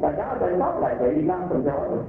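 A man's voice: fairly high pitch, sing-song, fairly quick, creaky, background noise. A man with an African American accent preaching a sermon, repeating phrases with rising emphasis. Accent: African American English. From United States. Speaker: imam. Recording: echoey room over a phone-like line.

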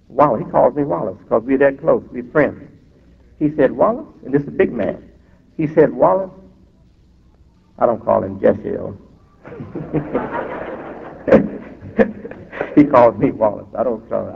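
Gravelly man preaching, tinny and echoing. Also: mid-range voice. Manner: emphatic, drawn-out preaching with asides. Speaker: imam. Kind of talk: sermon. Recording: tinny lo-fi recording in a reverberant hall.

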